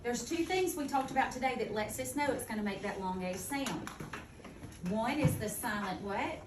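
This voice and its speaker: A woman teaching a second-grade phonics lesson, speaking clearly and deliberately. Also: on the high side, lively intonation. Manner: clear, deliberate teacher talk, slowing to model words. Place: classroom. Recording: echoey classroom from far off, noisy.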